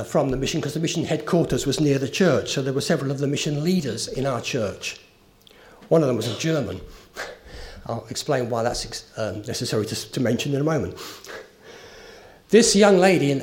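A man's voice: fairly high pitch, a little mellow. A man preaching a sermon, earnest and emphatic, with a story told along the way. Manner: earnest, rising emphasis on key phrases.

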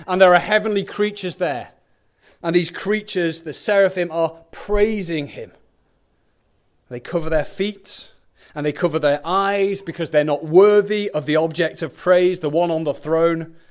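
A man's voice: fairly high pitch, darkish tone. A man preaching a sermon in a church, talking conversationally with everyday illustrations and questions, and repeating words for emphasis. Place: church building with windows onto a car park.

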